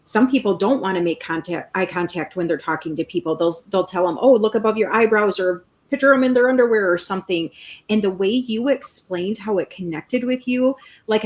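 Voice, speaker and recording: A woman book reviewer chatting enthusiastically and warmly with an author over a video call. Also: mid-range voice. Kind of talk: interview conversation.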